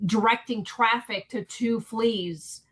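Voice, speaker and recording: A woman co-hosting a live stream, briskly recapping facts in a matter-of-fact way. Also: fairly high pitch, fairly bright tone, slight background noise. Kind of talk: casual live-stream chat.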